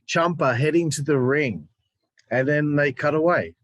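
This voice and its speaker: A man co-hosting a podcast, chatting casually and teasing his partner in animated banter. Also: fairly high pitch, unhurried, no echo, highs cut off. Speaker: podcast co-host. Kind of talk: casual wrestling review chat.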